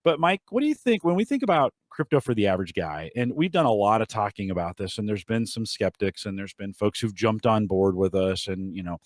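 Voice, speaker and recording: A man's voice: fairly low pitch, very animated, brisk, hardly any pauses, no room sound. A man hosting a podcast in casual, rambling chat with frequent restarts. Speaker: podcast host.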